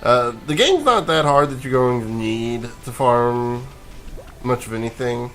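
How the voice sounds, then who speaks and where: A man's voice: mid-range voice, lively intonation, unhurried, a bit bright, a little hiss or hum. A man giving casual, rambling commentary while playing a video game, sleepy and yawning, chuckling and restarting his sentences. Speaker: let's play gamer.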